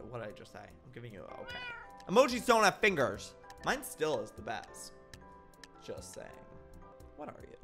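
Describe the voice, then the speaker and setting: A young man in his twenties giving excitable let's-play commentary, dramatic and given to silly exclamations and mock-outraged shrieks. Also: mid-range voice, vocal fry. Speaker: gaming YouTuber.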